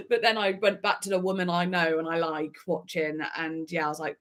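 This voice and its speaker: A woman chats loosely with her live stream audience. She tells her stories in an animated, giggly way and breaks into laughter often. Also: fairly low pitch, a little fast, hardly any pauses. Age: adult with a daughter. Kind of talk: casual live chat.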